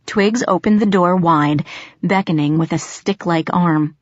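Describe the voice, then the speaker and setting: A woman reading a first-person story aloud as an audiobook narrator, in a steady, measured way. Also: on the low side, dry recording. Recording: slightly muffled dry recording.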